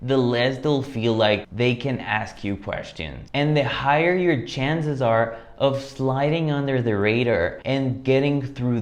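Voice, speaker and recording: A man teaching cold-calling, talking directly and confidently and acting out short phone lines as examples. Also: mid-range voice. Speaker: sales coach. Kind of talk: instructional talk.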